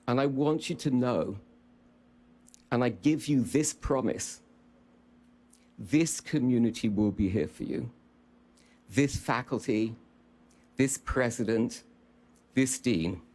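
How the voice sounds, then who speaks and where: Slow-spoken British man giving a speech. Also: mid-range voice, a little mellow. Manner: earnest, rousing, promise-making. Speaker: dean of a film school. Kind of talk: commencement speech.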